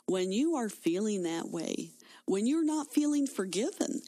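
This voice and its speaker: A woman's voice: medium pitch, sing-song, a little slow, dark tone. A woman co-hosting a faith talk show, speaking with emphatic conviction.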